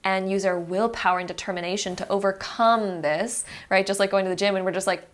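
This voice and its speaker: A woman's voice: mid-range voice, fairly even intonation, fast talker, few pauses. A young woman giving a pick-a-card tarot reading in a chatty, encouraging way, speaking straight to the viewer. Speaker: tarot reader.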